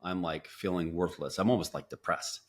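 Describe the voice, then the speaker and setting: A man with a very deep voice tells his story as a podcast guest. He talks in bursts full of restarts and acts out his own past quotes. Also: moderate pace. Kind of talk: storytelling interview.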